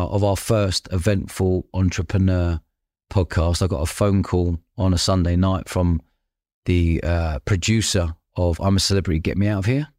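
Casually swapping stories on his podcast, a lowish-voiced host acts out the characters in his anecdotes with animated impressions and keeps breaking into laughter. The audio is close and dry, with no audible room.

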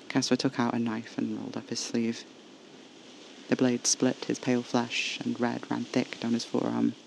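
A man tells a horror story in the first person, hushed and intimate. His voice has a gravelly edge. His pitch barely moves, and faint noise sits under the recording. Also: monotone, moderate pace, rough recording. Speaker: narrator.

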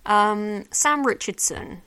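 A woman's voice: medium pitch, slow, sharp tone, smooth. Chatty woman podcaster gushing over favorites. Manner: chatty, gushing, rambling with many fillers. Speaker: podcast host. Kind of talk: casual solo awards chat.

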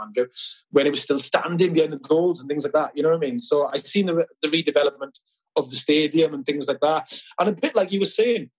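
A man's voice: a little high, slightly rough, poor audio. A middle-aged man from Wales, a filmmaker guest chatting casually in an interview, telling anecdotes with many restarts.

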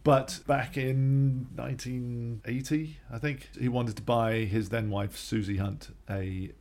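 A man's voice: mid-range voice, fairly even intonation, slow pace, darkish tone. A middle-aged man from North London with a London accent, co-hosting a podcast and telling family stories in a modest, slightly awkward way. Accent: London English. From North London, England. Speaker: podcast co-host. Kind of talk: casual chat.

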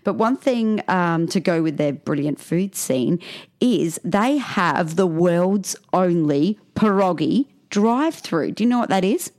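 A woman co-hosting a casual podcast chat, playful and quick to laugh. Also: fairly low pitch, animated, a little mellow. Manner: playful, laughs often, chatty. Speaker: co-host.

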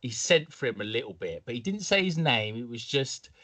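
A young man chats on a podcast with a lively, swinging pitch and a bright, forward tone. He tells the story in a relaxed way and slips into mock voices for laughs. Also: fairly quick, a little hiss or hum. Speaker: podcast co-host. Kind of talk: casual podcast chat.

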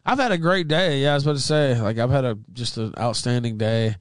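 A young man hosting a podcast, telling stories in a petty, profane, animated way. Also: mid-range voice, fast talker, clear, resonant tone, dry recording. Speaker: podcast host. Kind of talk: casual chat.

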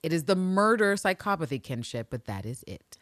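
A woman's voice: sits low, big pitch swings, fairly quick, a bit bright, no echo, clean studio sound. A woman co-hosting a podcast, recapping a TV episode in casual, profane chat and acting out the characters' lines in put-on voices. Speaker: podcast co-host.

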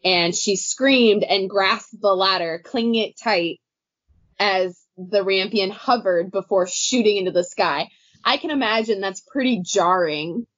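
A woman's voice: medium pitch, measured pace, fairly bright tone, dry recording. Rambling woman podcaster, dry lo-fi sound. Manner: rambling, many "like" fillers, laughs easily. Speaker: podcast co-host. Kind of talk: casual book discussion. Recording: dull dry lo-fi audio.

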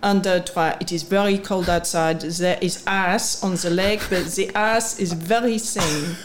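A woman's voice: fairly low pitch, steady tone, unhurried, a little hiss or hum, natural voice. A woman doing a stern French mother cat. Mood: warning.

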